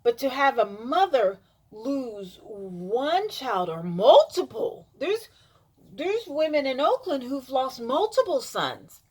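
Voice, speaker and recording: A woman's voice: high-pitched, very animated, slow, a little mellow, slightly rough. A woman vlogging an emphatic, insistent opinion monologue, repeating herself for emphasis.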